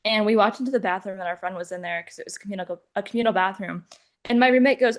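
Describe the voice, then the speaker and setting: A woman's voice: mid-range voice, rapid-fire. A young college-age woman co-hosting a podcast, telling stories in casual chat. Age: young adult. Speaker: podcast co-host.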